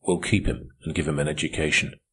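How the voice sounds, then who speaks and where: A man's voice: a bass voice, steady tone, fairly quick, fairly bright tone, slightly rough, far from the mic, exaggerated voice. A man reading an audiobook, voicing a decisive, practical grown man who speaks plainly.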